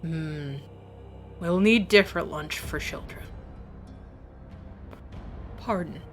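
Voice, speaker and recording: Woman doing a halting Grimlock monster. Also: fairly low pitch, music in the background, pitched below the performer's own voice. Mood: gruff. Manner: halting, broken speech. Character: hulking male Grimlock monster, simple and gruff.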